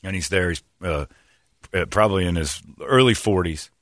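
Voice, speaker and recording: Animated, low-voiced man telling stories. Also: moderate pace, dry recording, studio quality. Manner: animated, rambling, laughs mid-sentence. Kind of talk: comedic storytelling.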